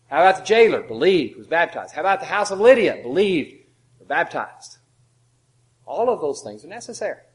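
A man preaching a sermon in a somewhat high voice. He presses his points with rhetorical questions and swings from loud, forceful emphasis to quiet asides. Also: poor audio.

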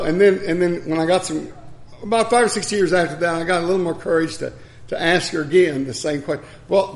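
Folksy older male preacher, gravelly. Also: a little high. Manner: folksy storytelling with scripture reading. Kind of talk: sermon.

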